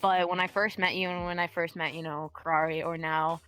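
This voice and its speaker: A woman's voice: on the low side, flat delivery, a little fast, over music. A young adult woman, a guest dancer, chatting candidly in an interview, laughing often and swearing casually.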